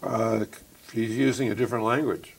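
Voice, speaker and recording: Male guest from suburban Chicago; gravelly, hesitant, plain-spoken. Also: medium pitch, steady tone, normal speed. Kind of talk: casual chat.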